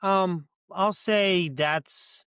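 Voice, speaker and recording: A man's voice: sits high, very slow, a bit bright, smooth, no room sound, clean studio sound. A man co-hosting a podcast, talking casually and often repeating himself. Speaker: podcast co-host. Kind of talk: casual chat.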